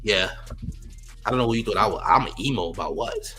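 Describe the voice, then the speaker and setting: Male streamer, lowish bright voice, teasing and mocking commentary over faint music. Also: expressive, a little fast. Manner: teasing, trash-talking chat. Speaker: livestream host. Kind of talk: casual livestream commentary.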